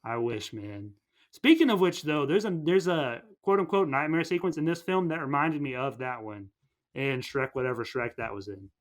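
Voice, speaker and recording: Mid-range and animated, at a moderate pace, a young male co-host chats about film on a podcast. He's casual and enthusiastic, rambling and repeatedly restarting his sentences.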